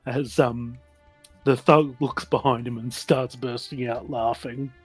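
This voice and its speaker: Slow, husky Australian game master. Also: male voice, medium pitch, steady tone, faint music behind. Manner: hesitant, full of ums and sort-ofs. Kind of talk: narrating a tabletop game.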